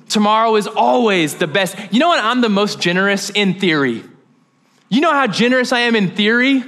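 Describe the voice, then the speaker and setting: A man's voice: very high-pitched, fairly bright tone. A young man preaching a sermon as pastor, conversational and joking, with off-the-cuff asides.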